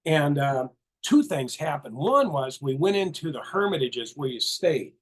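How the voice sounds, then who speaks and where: A man's voice: on the high side, very animated, measured pace, husky. A man co-hosting a casual chat, telling stories animatedly, repeating words and acting out what people said. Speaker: co-host.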